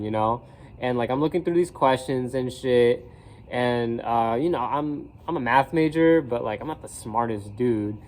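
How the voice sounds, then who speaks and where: A man's voice: a little mellow, slight background noise. A young man, a college student, telling a rambling story in a casual vlog, full of slang, swearing and fillers, and acting out his classmates' voices. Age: young adult. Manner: acts out classmates' voices with pitch jumps.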